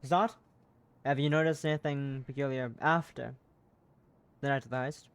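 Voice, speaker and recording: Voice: medium pitch, steady tone, moderate pace, clean tone, no echo, lightly acted. A streamer voicing a courteous detective who politely questions a witness in a game. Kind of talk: reading a game character aloud.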